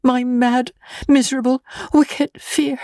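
A frail young woman near death, read by a woman narrator speaks slowly, mournful and lost in thought. Her pleading, drifting lines come from an audiobook reading, close and dry. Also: high voice, flat delivery, darkish tone, dry recording, pitched above the performer's own voice. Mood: remorseful. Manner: fearful, mournful, wandering pleading. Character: frail dying frightened young woman, distracted.

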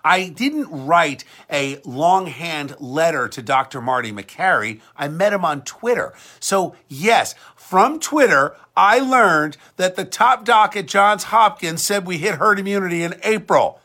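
A talk-show and podcast host delivers a combative, talk-radio-style monologue in a high, expressive, bright voice with forceful emphasis. He keeps a measured pace with few pauses, often repeating words and restarting when he gets heated.

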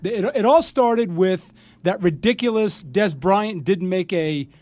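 An older man rants with real anger into a studio mic, restarting his sentences as the fury outruns him. His voice sits high for a man, and the sound is close and dry with no room around it. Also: lively intonation, measured pace, darkish tone, no room sound. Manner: angry, fired-up ranting with stammered restarts. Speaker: sports talk guest. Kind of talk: ranting radio talk. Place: radio studio. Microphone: studio mic with headphones.

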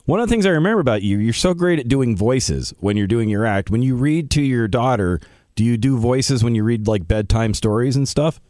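A man's voice: mid-range voice, lively intonation, fairly quick, a little mellow, no room sound, clean studio sound. A man hosting a radio interview in a chatty way, laughing along with his guest. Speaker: radio host. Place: radio studio.

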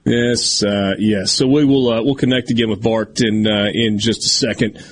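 A man hosting a sports talk radio show, chatting casually and tossing in quick asides. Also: fairly low pitch, steady tone, slight background noise.

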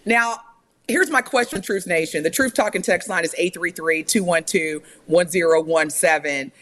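A woman's voice: lowish voice, normal speed, a bit bright, a little hiss or hum. A woman from Indiana co-hosting a radio talk show, chatting casually and reading a list aloud with lots of laughter. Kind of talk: casual chat.

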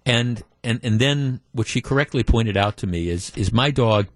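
A man's voice: mid-range voice, normal speed, dry recording. Male radio talk host, conversational and opinionated, close dry studio mic.

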